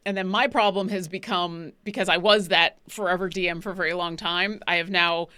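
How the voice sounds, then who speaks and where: A woman's voice: fairly low pitch, steady tone, fairly quick, pushed and bright, smooth, no room sound. A woman co-hosting a casual show chat, rambling with restarts and often giggling. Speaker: podcast co-host.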